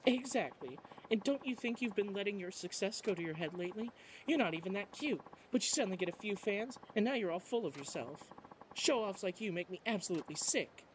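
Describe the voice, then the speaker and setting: Snooty bratty idol girl, a guy doing the voice, high and swoopy, sneers at everyone. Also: animated, brisk, slight background noise, poor audio. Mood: haughty. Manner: haughty, taunting, self-important. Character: bratty, vain young female idol rival. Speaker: let's play narrator. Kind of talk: reading game dialogue aloud.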